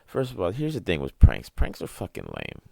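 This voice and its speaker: A young man with a very deep, rumbling voice and a gravelly edge rants through a casual podcast monologue. He rambles, swears freely and laughs at his own jokes. The sound is dry and close, with no room echo. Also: wildly swooping pitch, normal speed, a little mellow. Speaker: podcast host.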